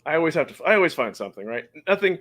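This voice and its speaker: A man's voice: fairly high pitch, very animated, rapid-fire, a bit bright. A man hosting a casual podcast chat, chatty and laughing often, sometimes stumbling over names. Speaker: podcast host.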